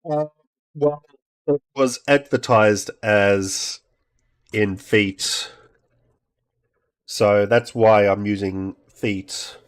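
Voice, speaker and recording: A man's voice: lowish voice, steady tone, drawn-out words, long pauses. A middle-aged man from Australia chatting casually and muttering to himself while repairing a game console. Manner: mutters to himself and coaxes parts while soldering. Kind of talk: casual talk while working.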